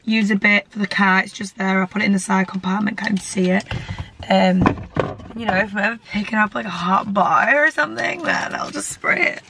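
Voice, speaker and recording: In a home vlog filmed in her bedroom, a young woman chats candidly to the camera, grumbling and now and then dropping to a murmur. Her voice is mid-range with a fairly bright tone, over a little hiss or hum.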